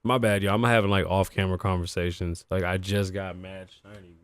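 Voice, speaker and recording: Deep-voiced and flat, a livestream podcast host talks fairly quickly with hardly any pauses on a dry recording. He chats casually with viewers and himself, swearing a lot, his voice worn out and shot.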